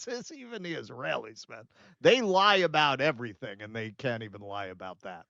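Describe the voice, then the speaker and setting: A man hosting a political commentary podcast, sarcastic, with animated, swearing rants. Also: mid-range voice, normal speed, vocal fry, no echo. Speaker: podcast host. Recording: dull lo-fi dry sound.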